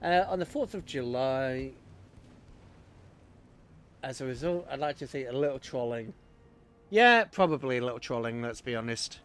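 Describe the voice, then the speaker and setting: A man's voice: mid-range voice, expressive, moderate pace, pauses often, fairly bright tone, a little hiss or hum. A man streaming himself playing a strategy game, chatting and reacting aloud to the battle as it unfolds. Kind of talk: live game commentary.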